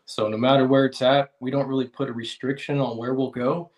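A man's voice: medium pitch, level tone, a little fast, darkish tone. A man with an American accent, a guest on a podcast, speaking in a laid-back, reflective way. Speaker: podcast guest, car detailer. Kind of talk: casual podcast interview.

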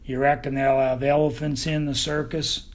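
A man with a Texan accent voicing a dazed, dopey male dog who talks in a slow, dreamy way in an audiobook. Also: medium pitch, little pitch movement, close to an everyday voice. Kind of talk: audiobook character voice.

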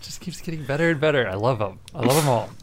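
A man's voice: medium pitch, lively intonation, fast talker, a crowd in the background. A man co-hosting a movie podcast in casual chat, playful and sarcastic with frequent giggles. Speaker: podcast co-host.

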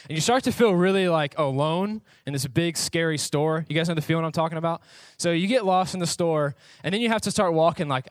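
Young male pastor, fairly high voice, easygoing joking sermon, dry close sound. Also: smooth, no room sound. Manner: casual, joking, talks to the audience. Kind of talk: sermon with personal stories.

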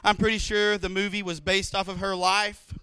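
A man in his thirties preaching a sermon in church, telling stories and acting out quotes with lively energy. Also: high voice, normal speed, clean tone, no echo. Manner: animated storytelling with acted-out quotes. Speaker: pastor.

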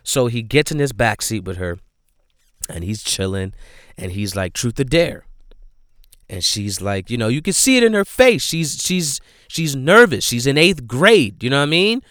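A man's voice: mid-range voice, very animated, normal speed, fairly bright tone, no echo, clean studio sound. A man casually recapping a movie scene by scene, rambling with lots of "like" and "you know", and speaking earnestly and emphatically about how it made him feel. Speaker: movie reviewer.

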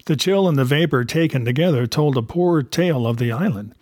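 A man reading a novel aloud in a steady, measured storytelling voice. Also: a little high, no echo, clean studio sound. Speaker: reader.

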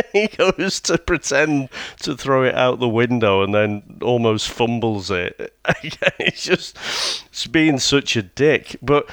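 Man, casual storyteller, slow, lively pitch, swearing, laughing. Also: dry recording, studio quality. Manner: swearing, laughing, rambling with restarts. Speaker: podcast co-host.

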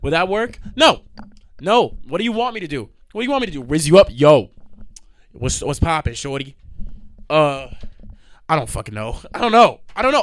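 A young man holds forth alone on his podcast, ranting with exasperated energy and frequent swearing. His voice sits a bit higher than most men's, and the recording is close and dry with no room sound. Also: dry recording. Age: young adult. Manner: animated, profane, exasperated ranting. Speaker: podcast host. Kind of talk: solo podcast rant.

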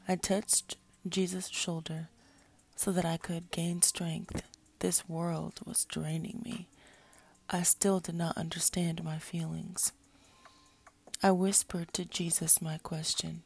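A woman narrating a story in a hushed, breathy, gravelly voice. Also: fairly low pitch, level tone, unhurried.

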